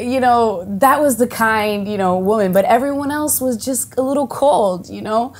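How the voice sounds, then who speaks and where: An actress from the United States of Dominican heritage, chatting casually in an interview, full of fillers and restarts and lively quoted voices. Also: female voice, a little high, moderate pace, few pauses. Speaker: actress and singer, guest.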